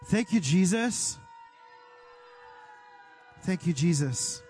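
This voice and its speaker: A pastor leading a fervent prayer over his congregation, speaking directly to God and sometimes rising to a shout. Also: high-pitched, lively intonation, extremely slow, soft background music. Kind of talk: sermon prayer.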